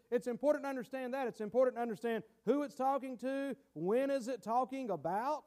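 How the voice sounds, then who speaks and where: A man's voice: very high-pitched, a little mellow. A man preaching a teaching sermon in a conversational way, with many fillers and restarts and emphatic key points. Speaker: pastor.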